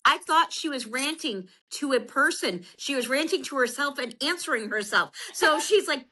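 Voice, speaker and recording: A woman co-hosting a podcast in casual chat, telling stories in a lively way. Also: high voice, brisk, hardly any pauses, slight background noise. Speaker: podcast co-host.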